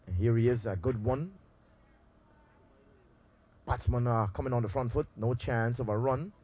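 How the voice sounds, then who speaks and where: A man calls a community cricket match live from an outdoor ground. His voice is mellow and dark. He talks loosely, pausing and filling gaps with "uh" as the play unfolds. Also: mid-range voice. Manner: relaxed, loose delivery with frequent pauses and filler. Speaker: cricket commentator. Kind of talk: live amateur cricket commentary. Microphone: handheld mic through a loudspeaker.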